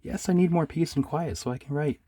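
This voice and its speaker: A man's voice: on the high side, mellow, no echo, pitched above the performer's own voice, close to an everyday voice. A man voicing a happy, pushy male bear poet in a bikini, speaking chirpily and wheedling. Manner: chirpy and wheedling, poems read slowly.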